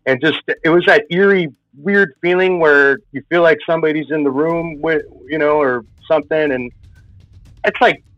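A man's voice: on the high side, normal speed, dry recording. A man telling a personal spooky story in a casual, rambling way, full of filler words. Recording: dull lo-fi sound with faint music.

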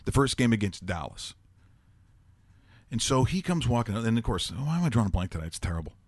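A man's voice: medium pitch, quick pace, no echo. A man hosting a sports talk show, telling rambling jokey stories in casual banter. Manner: rambling, joking, animated storytelling.

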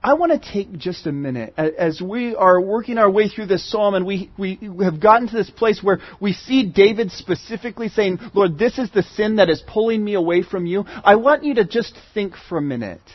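A man preaching a sermon in an earnest way, moving between loud pleading and hushed asides. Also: high voice, lively intonation, fairly quick, hardly any pauses, no room sound, muffled recording.

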